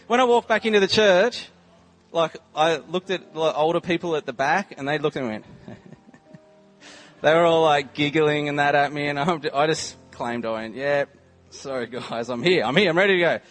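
A man's voice: on the high side, moderate pace, a bit bright, faint music behind. A young man in his twenties with an Australian accent, telling a humorous story in a casual sermon and filling his sentences with "like" and "um". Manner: chatty, humorous storytelling with many "like" and "um" fillers. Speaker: visiting preacher.

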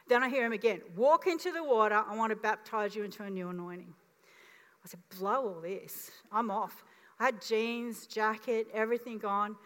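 High-voiced woman pastor in a reverberant church. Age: 50s. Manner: animated storytelling, acting out voices. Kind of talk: sermon. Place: church auditorium. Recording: long reverb of a church hall.

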